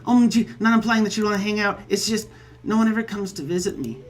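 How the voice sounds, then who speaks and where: A man's voice: sits high, steady tone, fast, faint music behind, pitched above the performer's own voice, close to an everyday voice. A man voicing a lonely, eager young male bee troll with a buzzy voice who apologizes and pities himself. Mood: dejected. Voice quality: buzzy accent. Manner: eager, apologetic, self-pitying.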